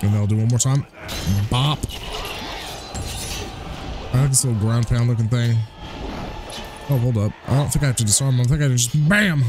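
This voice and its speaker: A man hosting a let's play, commentating excitedly and trash-talking the enemies. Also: medium pitch. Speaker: gaming channel host. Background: game music.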